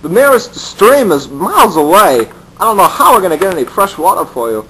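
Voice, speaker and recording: Man doing a worried, apologetic storybook donkey with a lively voice. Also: high-pitched, brisk, slight background noise, low-quality recording. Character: worried male donkey guarding a tree.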